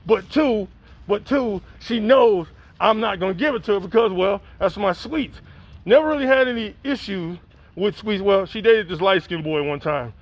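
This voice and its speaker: A middle-aged man, telling a profane, animated spoken-word story and acting out the dialogue. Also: high-pitched, normal speed. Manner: acts out dialogue, rises in excitement.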